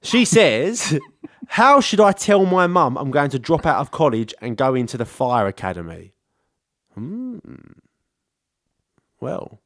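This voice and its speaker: A man's voice: on the high side, big pitch swings, slow, long pauses, a bit bright, no echo, studio quality. A man in his twenties co-hosting a podcast, joking and laughing through casual chat. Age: 20s. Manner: giggly, teasing banter. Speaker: podcast co-host.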